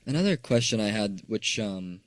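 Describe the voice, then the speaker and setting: A man's voice: on the low side, lively intonation, moderate pace, no echo. A young man hosting an interview, asking friendly, curious questions with an occasional filler. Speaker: podcast host. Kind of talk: casual interview.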